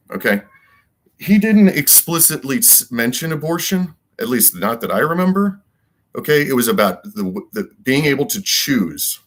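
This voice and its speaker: A man's voice: on the low side, a bit bright. A man giving a rambling solo monologue as a commentator, emphatic and repetitive and full of rhetorical questions. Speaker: political commentator.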